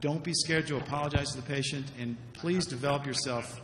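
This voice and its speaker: A man's voice: a little high, fairly even intonation, fairly quick, fairly bright tone. A man giving a conference talk about surgical mistakes, earnest and repeating words when he stresses a point. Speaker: surgeon giving a lecture. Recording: echoey lecture hall, faint noise.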